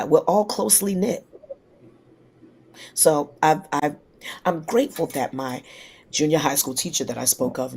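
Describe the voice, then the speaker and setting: A singer from New York City, a woman, telling lively stories in a casual interview and acting out the people she quotes. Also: low-pitched, gravelly, breathy edge. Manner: lively anecdotes, acts out quoted voices. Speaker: singer guest.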